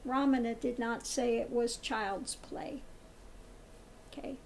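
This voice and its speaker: High-voiced, slow, scornful woman. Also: fairly even intonation, creaky. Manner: emphatic, repetitive, scornful. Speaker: tarot reader and spiritual commentator. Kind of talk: commentary monologue.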